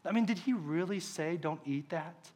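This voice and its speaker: A man voicing a sly male serpent who coaxes in a low, quiet, insinuating tone. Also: normal speed, husky. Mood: coaxing. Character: sly deceiving male serpent, hushed and coaxing.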